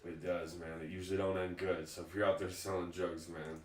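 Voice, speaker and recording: Casting: relaxed man, lowish voice, spinning yarns as a guest, recorded at a distance in a roomy space. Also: fairly quick, heavy background noise. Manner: laid-back, chuckling storyteller. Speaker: guest, fighter. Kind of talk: casual storytelling interview. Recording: echoey room, distant mic.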